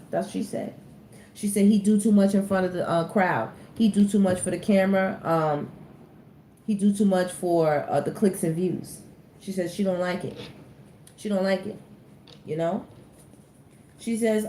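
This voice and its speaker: A woman gives a casual tarot reading, chatting directly to her viewers and breaking into laughter now and then. Her voice sits in an average range. It echoes around the room over a faint steady ambience. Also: mid-range voice, slight background noise. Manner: chatty, talks straight to viewers, laughs often. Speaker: tarot reader.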